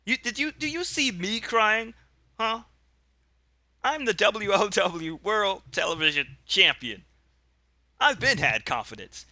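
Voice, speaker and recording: A man's voice: high voice, expressive, slow, long pauses, sharp tone, no echo, clean studio sound, pitched above the performer's own voice, heavily acted. A man voicing a boastful male pro wrestling champion who taunts and mocks a beaten rival in a tabletop game. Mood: mocking. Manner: mocking, jeering.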